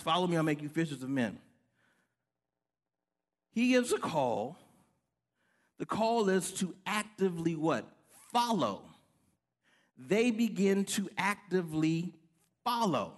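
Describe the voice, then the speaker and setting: A man preaches with a high, light voice. He tells his story with lively energy, acting out the other voices as he goes. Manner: animated storytelling, acts out voices. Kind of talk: sermon with storytelling.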